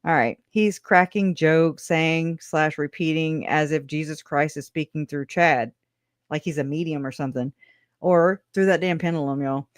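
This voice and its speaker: A woman's voice: sits low, fairly even intonation, normal speed, dry recording, clean studio sound. Chatty, sarcastic woman livestream host. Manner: chatty and sarcastic, with frequent laughs; informal slang, says y'all. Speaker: true-crime livestream host. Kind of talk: casual commentary reading case notes.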